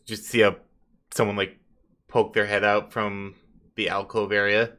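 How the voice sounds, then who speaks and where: A man's voice: fairly low pitch, little pitch movement, a little slow, pushed and bright, clean tone. A man running a tabletop game as game master, narrating loosely with chuckles and fillers.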